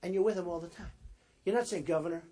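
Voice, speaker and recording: A man with a fairly high, husky voice giving a campaign rally speech. He talks off the cuff, circling back and repeating phrases. He addresses the crowd directly. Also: quick pace, warm tone. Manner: rambling and repetitive, talking straight to the crowd. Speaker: political candidate addressing a rally.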